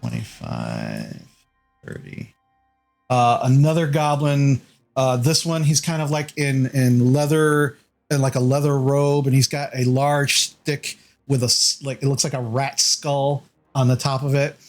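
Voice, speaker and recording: A man running a tabletop game as dungeon master, narrating slowly with frequent fillers. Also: mid-range voice, animated, vocal fry, faint music behind. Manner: slow, halting narration with many fillers.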